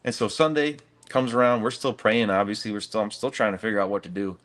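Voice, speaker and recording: A man's voice: on the low side, steady tone, fast, fairly bright tone. A middle-aged man, a gym owner, telling a story earnestly in a casual interview, saying "dude" and "man".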